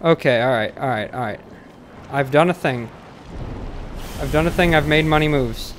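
A man streaming a game live, swearing often and talking to the enemy, swinging from mutters to panicked shouts. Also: fairly high pitch, moderate pace, a little hiss or hum. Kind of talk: live gameplay commentary.

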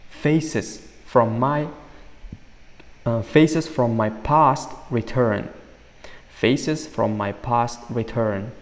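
A man teaching English through a song, reading lyric lines slowly and then explaining them quickly. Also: fairly low pitch, creaky, darkish tone. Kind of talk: song lyric translation lesson. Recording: long hall reverb.

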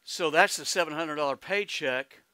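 Folksy Oklahoman preacher, bright voice. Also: on the high side, moderate pace, clean tone, no room sound. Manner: folksy, exclamatory, peppered with hallelujahs and amens; laughs easily, calls out to congregation. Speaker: pastor. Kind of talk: sermon.

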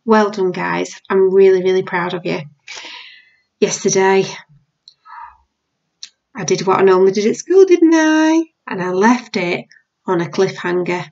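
A woman's voice: medium pitch, measured pace, vocal fry, pauses often, a little mellow, highs cut off. A British woman teacher reading a novel aloud to her class.

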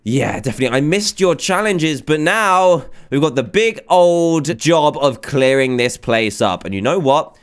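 A man hosting a video game let's play, excitable and chatty, exclaiming often. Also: on the high side, unhurried, few pauses, clean tone. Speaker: gaming video host.

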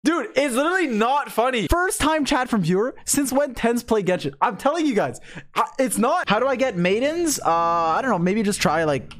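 A man's voice: extremely high pitch, big pitch swings, normal speed, a bit bright. A young man streaming games, chatting casually with his viewers, swearing a lot and reading chat aloud.

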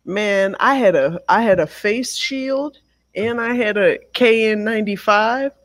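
A woman co-hosting a casual podcast, telling stories in an animated, joking way over a remote call from abroad. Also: mid-range voice. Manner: drawn-out, animated storytelling. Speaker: podcast co-host. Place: home abroad.

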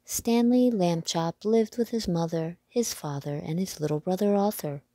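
A woman reading a children's book aloud, deliberate and clear for young listeners. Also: lowish voice, mellow, no echo, clean studio sound. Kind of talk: read-aloud storybook narration.

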